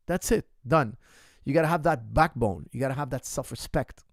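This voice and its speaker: A man's voice: medium pitch, moderate pace, no echo, studio quality. A man coaching in an ask-me-anything session, speaking bluntly and emphatically and repeating his points straight to the viewer. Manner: addresses the viewer directly. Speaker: martial arts coach.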